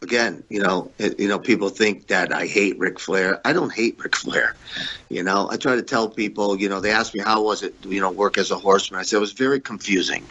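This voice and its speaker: A man with a lowish, forceful voice tells candid stories from his past. He is blunt and swears often, and his voice jumps up when he acts out the people he quotes. The audio is dull and lo-fi. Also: a little fast, husky. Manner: blunt, profane, animated when quoting others. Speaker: guest, former pro wrestler. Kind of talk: candid storytelling interview.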